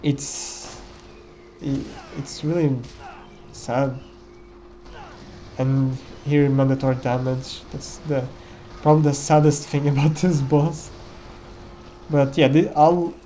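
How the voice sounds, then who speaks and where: A man's voice: mid-range voice, steady tone, takes it slowly, warm tone, lo-fi sound, a little hiss or hum. A man giving casual gameplay commentary in a reflective, musing way, often tagging his thoughts with "you know.".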